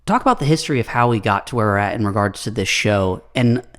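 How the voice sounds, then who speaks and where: A man's voice: fairly low pitch, animated, fast talker. A man co-hosting a podcast, asking casual questions in an easygoing way and laughing along.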